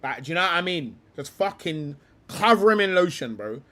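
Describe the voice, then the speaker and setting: A young man rants through a livestream, swearing and using heavy slang. His voice sits high for a man. It swings all over the place in pitch. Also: a little fast. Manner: animated and profane, heavy slang. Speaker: livestream host. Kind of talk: profane livestream rant.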